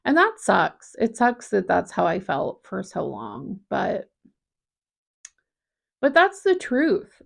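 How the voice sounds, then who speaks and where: A woman in her thirties talking candidly in a personal vlog, reflective and halting, often restarting her sentences. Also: medium pitch, creaky. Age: 30s. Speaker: vlogger.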